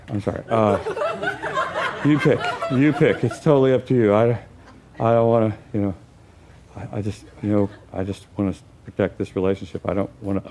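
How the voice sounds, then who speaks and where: A man's voice: mid-range voice, warm tone, a little hiss or hum, voice pushed down, close to an everyday voice. A man doing a flustered, eager-to-please new partner. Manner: eager, overly accommodating, flustered.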